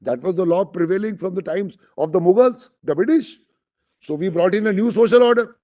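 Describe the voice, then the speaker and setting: Brisk, high and dark-toned, an Indian-accented man makes a formal courtroom argument as a lawyer, repeatedly and respectfully turning to the judges with emphasis. The audio comes from a dull, lo-fi courtroom recording.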